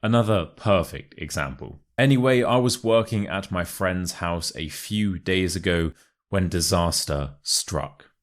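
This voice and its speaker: A young man with a low, deep voice and a modern RP British accent, teaching everyday expressions. He talks in a chatty, joking way and drills phrases with exaggerated examples. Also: measured pace. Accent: modern RP British English. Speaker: English teacher. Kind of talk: casual YouTube English lesson.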